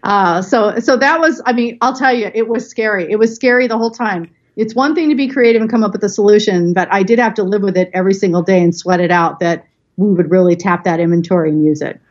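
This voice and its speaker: A woman guest on a podcast interview, telling a work story in a chatty, animated way. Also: mid-range voice, fast talker, muffled recording. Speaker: guest, business consultant.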